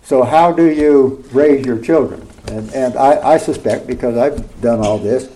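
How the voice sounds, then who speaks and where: A middle-aged man delivers a sermon in a conversational style, frequently checking in with his listeners through rhetorical questions. His voice is medium in pitch, mellow, and a little slow. The recording is rough, with a slight hiss or hum.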